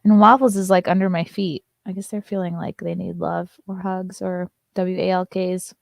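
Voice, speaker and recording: A woman's voice: fairly low pitch, little pitch movement, normal speed, vocal fry, no echo, studio quality. A woman comedian hosting a casual morning show, chatting loosely and reading viewer comments, sometimes slipping into sing-song baby talk with her dog.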